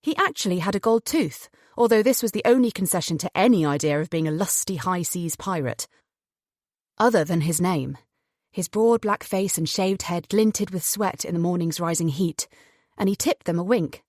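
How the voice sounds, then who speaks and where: Woman reading an audiobook, expressive, dry close sound. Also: lowish voice, moderate pace, no echo. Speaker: audiobook narrator. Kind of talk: audiobook narration.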